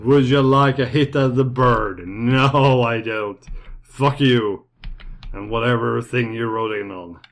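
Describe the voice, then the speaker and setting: A man voicing a rude old male bar patron who talks loudly and gruffly. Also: mid-range voice, fairly even intonation, slow pace.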